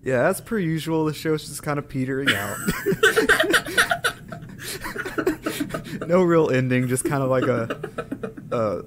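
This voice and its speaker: A man co-hosting a podcast in casual chat, slightly hoarse from being sick, rambling with many hesitations. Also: a little high, wildly swooping pitch, takes it slowly, pauses often, heavy background noise. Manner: rambling, hesitant, lots of ums. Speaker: podcast co-host.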